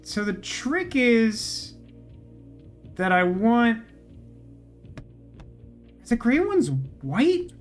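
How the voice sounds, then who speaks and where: Gamer host, male, raised pitch, thinks out loud, wry asides, light music underneath. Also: sing-song, drawn-out words, long pauses. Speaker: gaming channel host. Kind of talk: let's play commentary.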